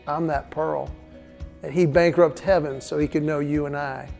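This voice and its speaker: A middle-aged man hosting a short devotional segment. He tells a family story, acting out the dialogue in lively voices, and drops to a soft, hushed tone for the reflective parts. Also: fairly high pitch, normal speed, gravelly, faint music behind.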